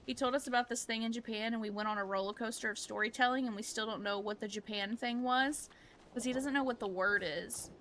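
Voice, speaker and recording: Woman streamer, casual gaming-stream chat, animated storytelling, bright forceful voice, fairly high pitch. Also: a little fast, a little hiss or hum. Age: adult, parent of a young child. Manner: animated storytelling, acting out quotes, swearing freely. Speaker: livestreamer.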